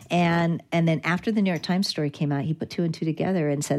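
A woman guest in an interview, recounting a story with animated anecdotes and frequent restarts. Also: sits low, a little fast, few pauses. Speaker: guest, digital rights lawyer. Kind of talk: conversational storytelling.

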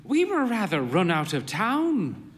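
A man voicing a frail, proud, theatrical old woman with a high, fluttery manner. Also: huge pitch swings, slow, exaggerated voice. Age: older. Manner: high, fluttery, grandly dramatic. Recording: long hall reverb.

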